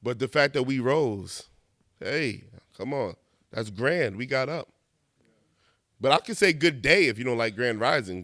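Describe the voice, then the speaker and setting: A man from the United States giving a casual, animated monologue with slangy asides and laughs at himself. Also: medium pitch, unhurried, no echo, studio quality. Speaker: video essayist.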